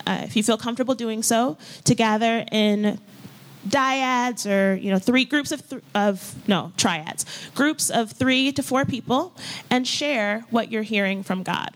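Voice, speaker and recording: Woman pastor, sermon, slightly higher voice, gentle unhurried invitations, church hall. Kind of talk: sermon leading a guided scripture practice. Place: church hall with folding chairs.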